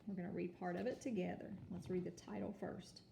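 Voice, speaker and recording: A woman teaching a kindergarten home lesson on video, sounding out letters and words slowly and patiently. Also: on the low side, level tone, gravelly, warm tone, echoey room, slight background noise. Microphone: phone or camera.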